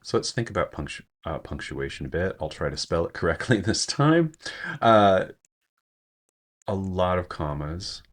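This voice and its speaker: A man's voice: deep voice, very animated, normal speed. A man giving a screen-share poetry lesson, thinking aloud with frequent fillers and self-corrections. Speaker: teacher.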